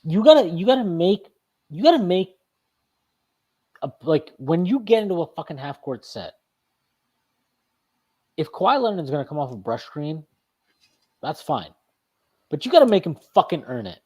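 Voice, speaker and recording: A man's voice: on the high side, sing-song, normal speed, long pauses, dark tone, husky. A man hosting a postgame sports talk show, ranting emphatically and profanely, often restarting and repeating his phrases. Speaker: sports podcast host.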